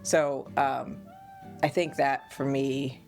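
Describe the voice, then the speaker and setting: A woman from the United States, a podcast host and mother, telling family stories in an animated, casual way and laughing often. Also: a bass voice, slow pace, gravelly, faint music behind.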